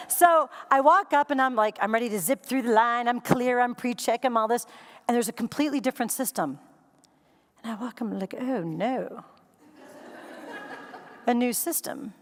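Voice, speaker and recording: A woman giving a keynote speech, telling a funny story in an animated way and acting out scenes and quotes for a live audience. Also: a little high. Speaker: keynote speaker. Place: conference stage before a live audience.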